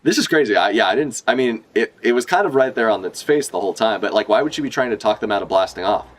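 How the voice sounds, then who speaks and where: A man with a fairly low voice talks fast while streaming a casual manga read-along, tossing out profane, excitable asides and rambling commentary.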